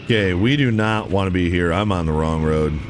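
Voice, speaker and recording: A man's voice: low-pitched, a little fast, background noise. A young man streaming a game live, chatting casually and laid-back with his viewers, often calling them "chat" and saying "dude".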